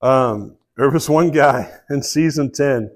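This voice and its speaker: A man with a Southern US accent preaching a sermon to a live congregation, telling a story in a relaxed way with many fillers. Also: mid-range voice, takes it slowly. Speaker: pastor.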